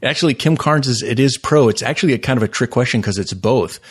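A man co-hosting a podcast, sharing music trivia in a relaxed, unhurried way with a few fillers. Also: medium pitch, husky. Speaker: podcast co-host.

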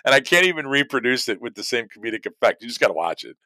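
Dude rambling about a comedy he loved, lots of restarts and swearing, bright tone. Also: mid-range voice, sing-song, very fast, dry recording. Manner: rambling, restarts, profane, enthusiastic. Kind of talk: casual movie review chat.

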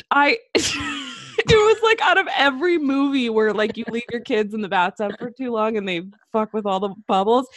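A woman's voice: a little high, dry recording. A young woman co-hosting a casual podcast. She tells stories full of swearing and giggles, and drops her voice when she quotes other people. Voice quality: profane, giggly storytelling. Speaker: podcast co-host.

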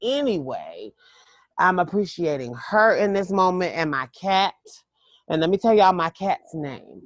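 A woman's voice: on the low side, very animated, a little slow, no room sound. A woman casually telling a long personal story to listeners in a chatty, emphatic way with frequent restarts.

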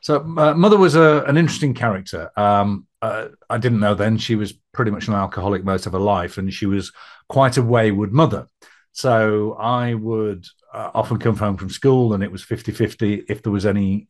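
A man's voice: lowish voice, moderate pace. A middle-aged man with a Middle English accent and a northern twang, a podcast guest telling his life story in a chatty, rambling way, often laughing, with many fillers. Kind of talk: personal storytelling interview.

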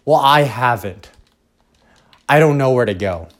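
Slow, rambling young man podcasting. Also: medium pitch, expressive. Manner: profane, self-deprecating, trailing off. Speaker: podcast host. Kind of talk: rambling casual monologue. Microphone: headphones and home recording setup.

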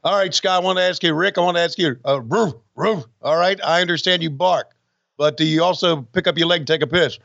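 A man's voice: fairly high pitch, a little fast, vocal fry, fairly bright tone, no echo, highs cut off. A man putting on the voice of a wrestling interviewer, mock-serious and joking. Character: mocking male wrestling interviewer.

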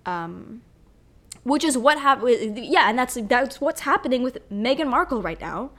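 A young woman hosting a solo podcast, ranting in a profane, animated, rambling way. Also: a little high, unhurried. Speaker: podcast host.

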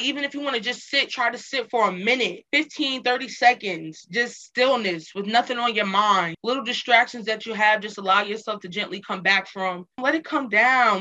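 A woman speaks in an earnest, emphatic way, often repeating a phrase to press it home. Her voice is bright and sits a little high. She sounds like an interview guest sharing hard-won advice. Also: highs cut off. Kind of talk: casual motivational talk.

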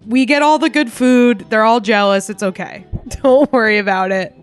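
A woman's voice: a little high, moderate pace, faint music behind. A woman co-hosting a casual chat podcast, joking wryly and laughing often. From United States. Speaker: podcast co-host.

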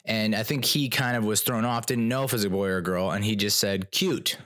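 A man's voice: lowish voice, fast talker. Man rambling through a casual story. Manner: rambling, animated, self-mocking, with many restarts. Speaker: podcast host.

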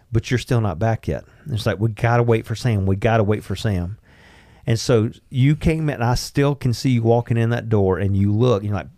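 A man hosting a podcast, telling a story casually and lively, acting out the lines he quotes. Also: lowish voice, no room sound, clean studio sound. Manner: animated, acts out quoted lines. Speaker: podcast host.

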